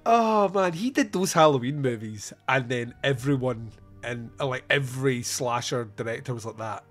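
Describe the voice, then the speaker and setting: A man's voice: mid-range voice, moderate pace, soft background music. A man hosting a podcast and chatting casually about a film, rambling, swearing and laughing often. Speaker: podcast host. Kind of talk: casual film review chat.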